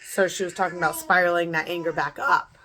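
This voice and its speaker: A woman's voice: on the low side, fairly even intonation, quick pace, a bit bright, slight background noise. A woman in her thirties giving an earnest, repetitive motivational pep talk to camera, as in a home beauty vlog. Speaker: beauty vlogger.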